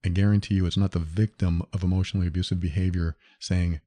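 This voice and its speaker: A man's voice: low voice, expressive, quick pace, few pauses, dark tone, no room sound. A man hosting a solo podcast, talking earnestly and directly to the listener as he explains. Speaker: podcast host.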